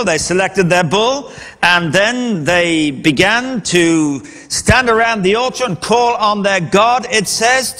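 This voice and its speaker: High, bright-voiced male preacher in a reverberant hall. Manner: dramatic storytelling, retelling scripture with emphatic quotes. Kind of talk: sermon.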